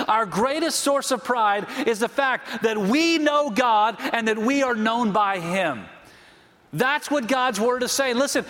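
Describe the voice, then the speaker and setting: High-voiced preacher in a reverberant hall. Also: male voice, fairly bright tone. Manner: storytelling preacher, emphatic slow phrases. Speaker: pastor. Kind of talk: sermon.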